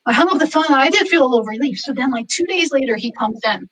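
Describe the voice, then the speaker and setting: A woman's voice: high-pitched, quick pace, distant mic, rough recording. A woman who owns a massage studio, casually telling a story and acting out what people said. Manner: animated, quotes people in lively voices.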